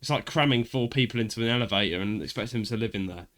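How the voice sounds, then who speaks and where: A British man hosting a podcast, telling stories in a casual, animated way and laughing often. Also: mid-range voice, racing. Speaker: podcast host. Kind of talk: casual chat.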